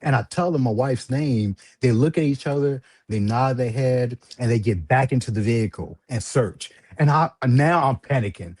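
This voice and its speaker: A husky-voiced man tells a story in a casual, animated way. He laughs often and pitches his voice way up when he quotes people. His voice is close and dry, with no room sound around it. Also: moderate pace, hardly any pauses, dry recording. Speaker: livestream host telling a story.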